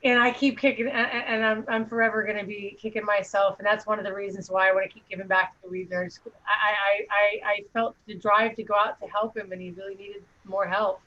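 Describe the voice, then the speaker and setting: A woman's voice: mid-range voice, flat delivery, a little fast, few pauses, sharp tone, lo-fi sound. A woman guesting on a casual podcast, bubbly and giggly, often tripping over her words. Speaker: podcast guest, cannabis grower.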